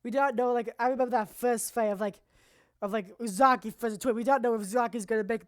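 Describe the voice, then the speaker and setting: Female streamer, high-ish voice, loose rambling profane commentary with sudden shouts, dry room. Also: quick pace, dry recording. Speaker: streamer presenting anime awards.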